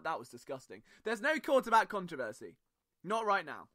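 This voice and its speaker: Young British male podcast host, jokey and rambling, bright tense tone. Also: high voice, huge pitch swings, a little fast. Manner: chatty, jokey, rambling asides. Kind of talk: casual sports podcast monologue.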